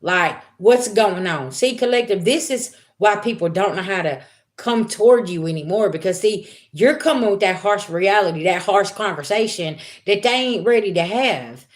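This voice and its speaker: A woman speaks straight to her viewers as a spiritual reader, in a blunt, profane, animated manner. Her voice sits at an ordinary middle pitch. She rants and lectures in loose street talk. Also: normal speed. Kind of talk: casual spiritual reading monologue.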